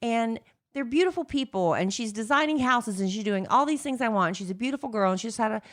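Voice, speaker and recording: A woman's voice: on the high side, animated, quick pace. A middle-aged woman co-hosting a podcast, rambling and gossipy in casual chat, with lots of fillers. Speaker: podcast co-host.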